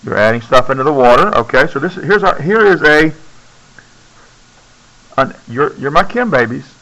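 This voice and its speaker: A man's voice: a little high, expressive, moderate pace, sharp tone, poor audio. A male science teacher lecturing a classroom, keeps checking in with "okay?" and coaxing students to speak up.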